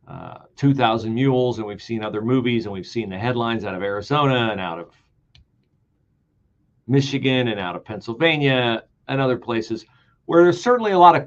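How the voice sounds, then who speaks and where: A man's voice: medium pitch, dull audio. A man hosting a solo political commentary stream, emphatic and sarcastic, repeating key words for stress and dropping into mocking whispers. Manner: swings between loud outbursts and mocking whispers.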